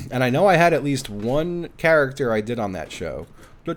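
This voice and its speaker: A man's voice: mid-range voice, big pitch swings, moderate pace. A young man streaming a game live, chatting casually, swearing and thinking aloud as he thanks viewers. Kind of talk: casual live-stream chat while playing.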